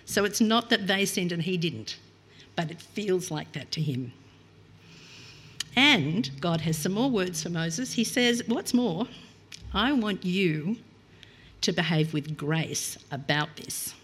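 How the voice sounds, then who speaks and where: Husky, low-voiced woman preaching a sermon. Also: expressive, slow, a bit bright. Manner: reflective, earnest, reads scripture aloud.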